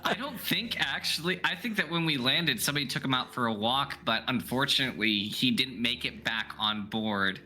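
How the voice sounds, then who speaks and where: A man's voice: mid-range voice, lively intonation, normal speed, few pauses, pushed and bright. A man playing a tabletop game, joking with his friends. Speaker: player.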